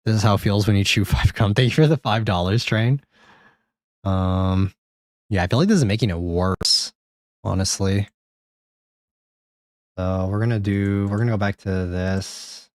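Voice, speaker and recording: A man streaming a game live, rambling and joking with chat, swearing now and then, with sudden high-pitched exclamations. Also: a little mellow, no echo, studio quality. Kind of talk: live gameplay commentary.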